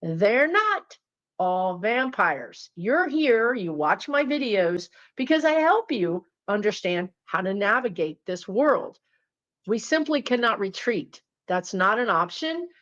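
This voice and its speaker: A woman's voice: medium pitch, very animated, slow, a bit bright. Woman, spiritual teacher type, casual storyteller to camera, mid-range voice, slightly dull lo-fi audio. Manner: chatty, talks to viewers directly.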